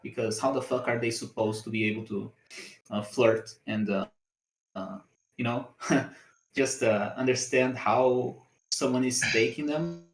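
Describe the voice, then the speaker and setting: A man in his twenties with a Latin American accent, chatting casually as a co-host, explaining haltingly with many fillers. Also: mid-range voice, fairly even intonation, reverberant, low-quality recording. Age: 20s. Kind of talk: casual chat.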